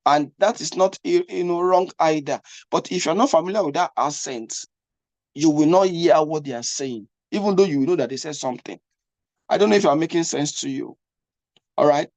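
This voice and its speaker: A man whose voice sits on the high side, a little mellow and at a moderate pace, coaches English test skills in a dry recording. Expect repetition, faltering restarts, and regular checks that the listener is following.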